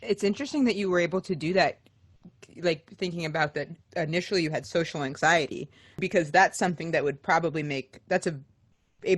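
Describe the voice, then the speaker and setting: Profane, animated woman podcast host. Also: low-pitched. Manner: profane, animated, rambling asides. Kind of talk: casual podcast interview.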